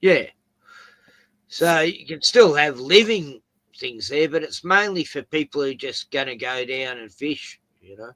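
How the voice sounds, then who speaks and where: A man's voice: fairly high pitch, expressive, unhurried, a bit bright, no room sound. A man with an Australian accent hosting a casual chat, rambling through anecdotes with chuckles. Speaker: host.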